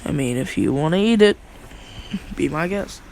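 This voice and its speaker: A man's voice: a little high, animated, normal speed, a little mellow, a little hiss or hum, poor audio. A young man casually retelling a fan story, rambling and slangy with many fillers.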